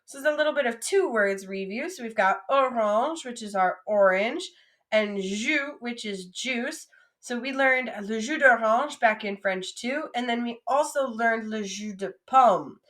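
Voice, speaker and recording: High-voiced woman teaching a vocabulary lesson. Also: fairly bright tone. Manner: slow, drawn-out modelling of each French word, then quick English asides; encouraging, coaxing students to repeat after her. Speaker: French teacher.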